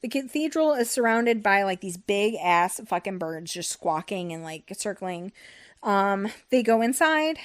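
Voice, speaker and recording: A young woman with a medium-pitched voice recaps a novel on her book podcast, speaking a little slowly with lively intonation. She rambles casually, curses, and uses many fillers such as "like" and "um."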